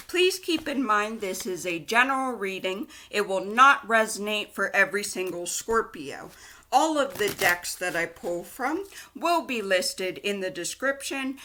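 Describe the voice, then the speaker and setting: Slow-talking, bright-voiced young woman reading tarot. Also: medium pitch, slight background noise. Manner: chatty and giggly, many likes and ums. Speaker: tarot reader. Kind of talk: casual tarot card reading.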